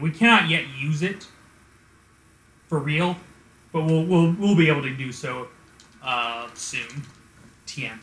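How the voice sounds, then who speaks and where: A man's voice: a little high, bright, forceful tone, roomy sound, rough recording. A man giving offhand, joking commentary over a video game speedrun, teasing the plot as he plays. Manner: jokey, offhand, mocks the plot. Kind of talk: gameplay commentary.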